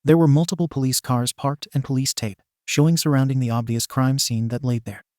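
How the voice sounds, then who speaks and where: A man narrating a fan story in a steady, even reading voice. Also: medium pitch, brisk, no room sound, studio quality.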